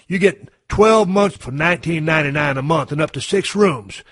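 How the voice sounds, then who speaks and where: A man's voice: a little high, normal speed, a bit bright, no room sound, studio quality. A man voicing a brash, foul-mouthed male lake monster in a cocky, swearing, laid-back drawl, inside a told story.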